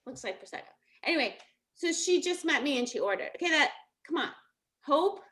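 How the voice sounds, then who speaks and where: Speaking fairly quickly in a high, animated voice, a middle-aged woman tells laugh-filled stories during a casual motivational talk as a coach. Her tone is bright and forceful, her manner chatty.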